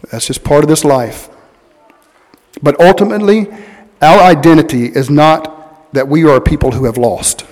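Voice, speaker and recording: A man preaching a sermon as pastor, earnest, stressing key words slowly and with weight. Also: a little high, darkish tone. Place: church sanctuary. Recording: long hall reverb.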